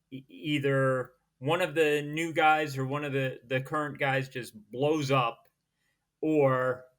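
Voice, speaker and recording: A man hosting a podcast, quizzing his co-host in a quick, teasing casual chat about baseball. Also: mid-range voice, fairly bright tone.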